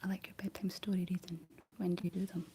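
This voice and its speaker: Scottish lady whispering asmr chat, mellow and flat, bit of hiss behind. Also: lowish voice, quick pace. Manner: soft whispered rambling while painting. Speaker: ASMR livestream host.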